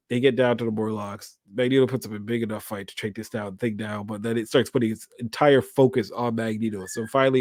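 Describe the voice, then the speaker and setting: A young man hosting his own channel, giving a casual, excitable episode recap that rambles, repeats words and uses lots of slang. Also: mid-range voice, dry recording, clean studio sound. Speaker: channel host.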